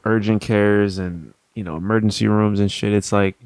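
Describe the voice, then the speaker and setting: A man's voice: fairly low pitch, fairly even intonation, moderate pace, darkish tone, clean tone, no room sound. A man hosting a podcast who talks bluntly in casual chat, swearing and repeating himself. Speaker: podcast host.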